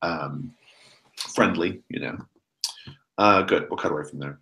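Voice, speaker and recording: A man's voice: sits low, a little slow, sharp tone. A man running a tabletop game as game master, narrating in a rambling way with many restarts.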